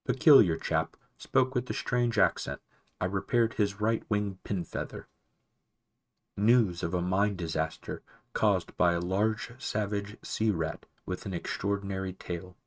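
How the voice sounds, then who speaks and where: A man voicing an ancient male mouse archivist, wise but absent-minded, who talks softly and fussily, barely above a whisper, for a storybook reading. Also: sits low, a little slow. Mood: doddering. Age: older. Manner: soft, mumbling, fussy, barely above a whisper.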